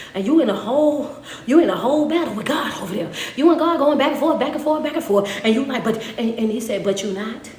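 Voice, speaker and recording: A woman motivational speaker preaching in an animated, emotional way and laughing often. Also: high voice, brisk, echoey room.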